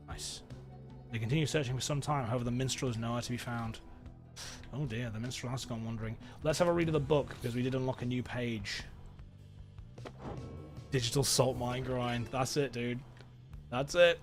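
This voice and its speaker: A man's voice: medium pitch, fairly even intonation, moderate pace, long pauses, soft background music. A man streaming a story game, chatting with viewers and reading the game's dialogue aloud in his plain voice. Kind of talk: casual let's play chat, reading game text aloud.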